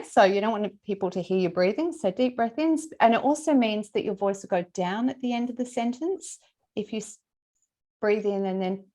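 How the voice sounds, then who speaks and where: A woman's voice: mid-range voice, darkish tone. A woman teaching a webinar over a video call, in a chatty, conversational way that checks in with attendees by name. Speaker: LinkedIn trainer presenting a webinar. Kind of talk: casual, chatty workshop teaching.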